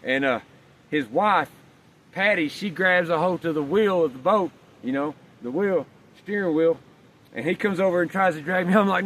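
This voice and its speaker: A man's voice: high-pitched, normal speed, fairly bright tone. A man telling a rambling, folksy story outdoors while walking his dog, swearing casually. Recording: distant mic, faint outdoor noise.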